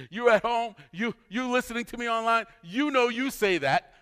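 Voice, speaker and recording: Bright-voiced preacher in a reverberant church. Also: male voice, extremely high pitch, normal speed, clear, resonant tone. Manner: animated storytelling, acting out dialogue. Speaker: pastor. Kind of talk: sermon. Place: church sanctuary.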